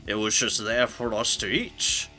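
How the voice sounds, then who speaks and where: A man voicing a thieving frog creature from a video game in a silly, slow, low put-on voice. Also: pushed and bright, soft background music. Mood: sheepish.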